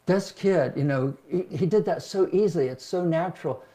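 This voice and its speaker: Soft-spoken older man, mellow tone. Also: on the high side, moderate pace. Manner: reflective, self-deprecating, acts out quotes in livelier tones. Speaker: pastor and host. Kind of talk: casual conversational storytelling.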